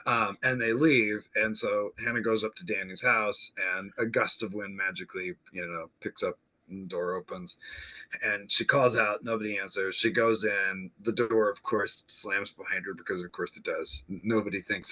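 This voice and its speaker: A man's voice: lowish voice, fairly even intonation, moderate pace, sharp tone. A male podcast host chattily recapping an episode, laughing often and acting out the characters' lines.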